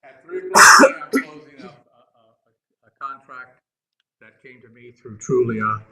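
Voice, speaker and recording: A man in the audience of an office meeting, telling a short story in a halting way with many fillers. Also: mid-range voice, wildly swooping pitch, vocal fry, pushed and bright, rough recording.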